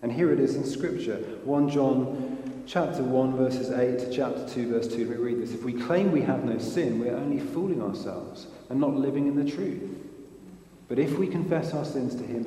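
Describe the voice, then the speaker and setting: A man's voice: medium pitch, normal speed, dark tone. A man preaching a sermon in an earnest way, asking rhetorical questions of his listeners. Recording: echoey hall.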